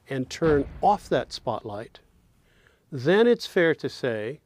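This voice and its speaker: In a dry recording, a man with a slightly high, somewhat mellow voice teaches songwriting. He moves slowly through a lesson on lyric stress and rhythm, counting beats and speaking example lines aloud.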